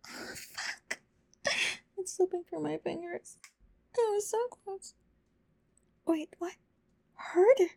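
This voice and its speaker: Woman, whispered role-play, high voice, gravelly fry, breathy pleading tone. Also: takes it slowly, long pauses, mellow. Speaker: audio role-play performer.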